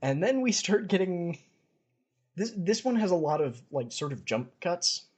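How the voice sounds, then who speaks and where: A man's voice: sits high, big pitch swings, measured pace, darkish tone, breathy edge. A man casually retelling a fantasy story on a podcast, chatty and wry. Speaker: podcast co-host.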